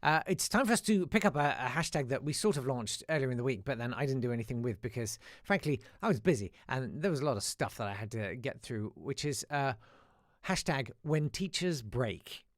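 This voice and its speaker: A British man hosting a casual live podcast, telling animated stories and reading listener emails. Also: medium pitch, brisk, dry recording, studio quality. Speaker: host.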